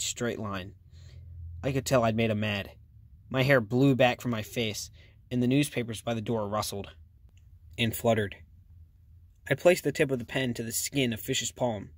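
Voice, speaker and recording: A man's voice: medium pitch, moderate pace, dry recording. A man narrating a first-person audiobook in a plain reading voice, with small slips and restarts.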